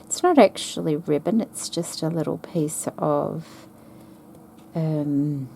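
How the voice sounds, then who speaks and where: A woman talks slowly and softly while she sews, musing over threads and stitches. Her voice is mellow and low, with a gravelly edge. A faint hum sits under the recording. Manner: slow, soft-spoken, thinking aloud while sewing. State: hiccups. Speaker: craft vlogger. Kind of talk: casual stitching chat.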